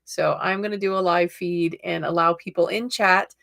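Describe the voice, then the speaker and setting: A woman in her forties hosts a live tarot reading, chatting casually and warmly calling her viewers "lovelies." Her slightly low, creaky voice keeps a steady tone at normal speed, and she laughs easily and often between remarks.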